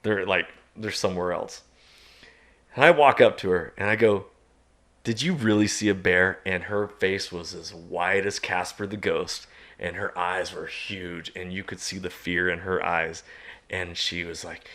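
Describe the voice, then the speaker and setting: A man guest on a podcast, telling a story in a casual, animated way and chuckling at himself. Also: deep voice, a little slow. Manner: animated, self-mocking, chuckles at his own story.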